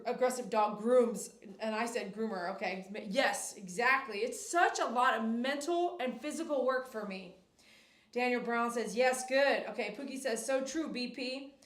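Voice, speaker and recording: A woman who grooms dogs and hosts a livestream, chatting casually and reading viewer comments aloud, with bursts of excited cheering. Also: fairly high pitch. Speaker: dog groomer and livestream host. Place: grooming shop. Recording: echoey room.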